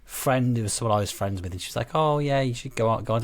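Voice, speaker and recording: Young male podcast co-host, mid-pitched, teasing and anecdotal. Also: fast talker, no echo. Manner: teasing, storytelling. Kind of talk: casual chat.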